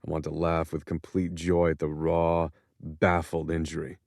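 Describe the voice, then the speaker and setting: Deep-voiced man narrating an audiobook. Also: monotone, darkish tone, dry recording, studio quality. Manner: measured, introspective storytelling. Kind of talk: first-person audiobook narration.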